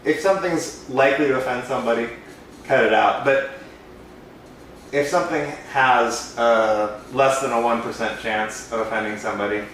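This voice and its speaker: Here a podcast co-host who makes balloons for a living pokes fun at himself while telling relaxed stories about entertaining. His voice is steady and fairly bright, medium in pitch, at a normal speed. Captured on a distant mic in a very echoey room, the audio carries a faint hiss of noise.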